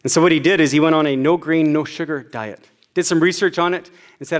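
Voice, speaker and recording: A man's voice: fairly high pitch, quick pace. A man in his forties preaching a sermon as a pastor, telling personal stories in a conversational way.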